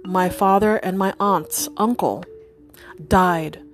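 A woman's voice: lowish voice, takes it slowly, faint music behind. A woman telling a personal story in a casual, chatty way, full of fillers and restarts and acting out the voices of the people in it. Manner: animated, chatty, many fillers and restarts, acts out quoted voices. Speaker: storyteller and psychic nurse.

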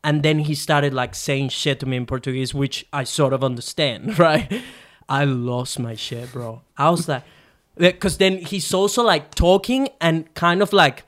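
Animated, profane male podcast storyteller. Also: on the high side. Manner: animated, profane storytelling with quick restarts and fillers. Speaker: podcast co-host. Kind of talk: casual chat, storytelling.

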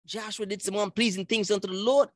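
A man's voice: sits high, fairly even intonation, quick pace, no room sound, studio quality. A man co-hosting a casual faith podcast. He talks playfully, often repeats his lines for emphasis and laughs a lot. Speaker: podcast co-host.

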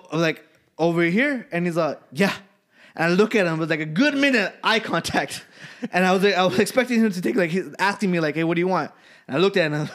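Casual storyteller, man from California, high-pitched, profane and animated. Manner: profane, animated, laughing through his story. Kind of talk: casual chat.

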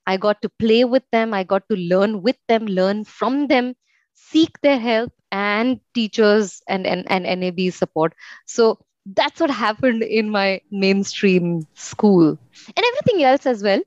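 This mid-range female voice is animated yet measured in pace, with a somewhat dark tone. She is a young woman from India being interviewed casually, reflecting on her story with frequent filler words. The audio sounds slightly muffled and dry, without any room sound.

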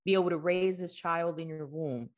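Low-voiced woman, candid and halting. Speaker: podcast co-host. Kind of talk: candid conversation.

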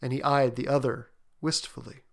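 A man narrating a classic story aloud in an even, unhurried manner. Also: medium pitch, vocal fry. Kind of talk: audiobook narration.

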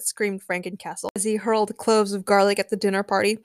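A woman's voice: medium pitch, flat delivery, fairly quick, few pauses, no room sound, studio quality. A woman hosting a podcast, chatting enthusiastically and narrating a story. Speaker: podcast host. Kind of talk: casual chat and story narration.

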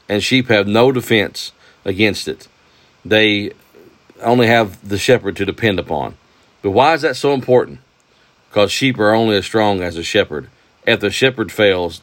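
A man teaching a devotional Bible lesson, folksy and enthusiastic, often asking rhetorical questions. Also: lowish voice. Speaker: preacher.

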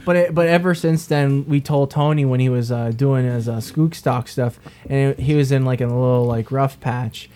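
A man co-hosting a casual podcast, telling a story with animated energy. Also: medium pitch, moderate pace. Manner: animated storyteller, acts out quotes. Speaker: podcast co-host.

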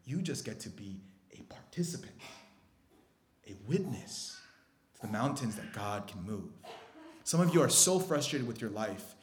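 A man preaching a sermon as pastor, moving between hushed, intimate stretches and loud, excited bursts. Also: mid-range voice, measured pace, echoey room, slight background noise.

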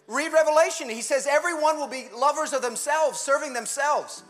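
A male pastor giving a conversational, animated sermon in a church, with quick asides and laughter. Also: extremely high pitch, faint music behind.

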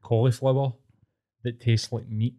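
Mellow-voiced Scottish man, eager and sweary. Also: mid-range voice, little pitch movement, unhurried. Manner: enthusiastic, sweary banter. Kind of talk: casual chat.

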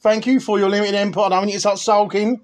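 A man's voice: sits high, flat delivery, fast talker. A man hosting a podcast, chatting casually and telling rambling, sweary jokes. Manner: banter, swearing, rambling storytelling. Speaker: podcast host. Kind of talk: casual chat.

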